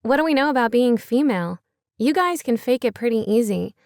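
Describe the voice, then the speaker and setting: A woman's voice: fairly high pitch, expressive, brisk, a little mellow, no echo, studio quality, pitched above the performer's own voice. Woman doing a blunt teenage girl.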